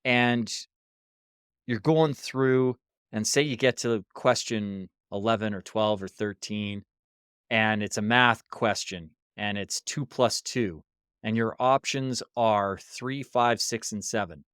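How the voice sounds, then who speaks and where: A man's voice: on the low side, slow, smooth, no echo, clean studio sound. A man telling a story as a podcast guest and talking about leadership workshops, acting out the voices of the people in it. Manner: animated storyteller, acts out quoted voices. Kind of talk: casual interview storytelling. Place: hostel room.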